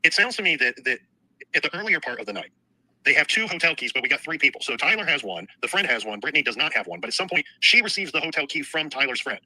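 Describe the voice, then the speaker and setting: A man's voice: on the high side, sing-song, quick pace, sharp tone, low-quality recording. A man co-hosting a casual true-crime talk, questioning and working through details. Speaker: podcast co-host.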